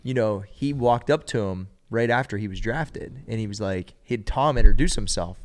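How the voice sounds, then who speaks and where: A man's voice: lowish voice, normal speed, hardly any pauses. A man speaking as a coach on a panel, blunt and folksy in manner. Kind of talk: casual panel chat.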